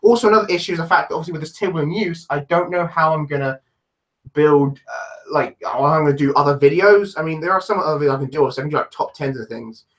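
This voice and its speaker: A man's voice: fairly high pitch, fast, fairly bright tone. A man with a London accent chatting casually on a live stream, answering viewers and rambling, with lots of restarts and self-deprecating asides. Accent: London English. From London, England. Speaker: livestreamer answering chat.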